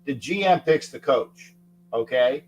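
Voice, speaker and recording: A man hosting a casual sports talk show, rambling and repeating himself, getting loud when he makes a point. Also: mid-range voice, animated, measured pace, poor audio. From Florida. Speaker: show host.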